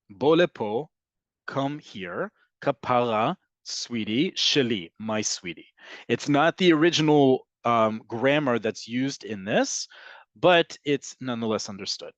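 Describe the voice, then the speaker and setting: A man's voice: mid-range voice, no echo. Man teaching a class over a dull call line. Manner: explanatory, frequent ums and checks with "right?". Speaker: Hebrew teacher. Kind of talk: online class lecture. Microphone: video call.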